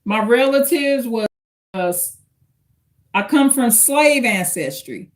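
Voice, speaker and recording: A woman's voice: a little high, lively intonation, slow pace. A woman, chatting casually on a livestream, reading viewer comments and giving blunt advice straight to the camera. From United States. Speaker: livestream host.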